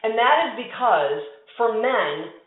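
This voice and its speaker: A woman's voice: fairly high pitch, lively intonation, slow pace. A woman giving a conversational keynote talk to a conference audience, telling a story with emphatic asides. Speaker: conference speaker. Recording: tinny, echoey hall sound.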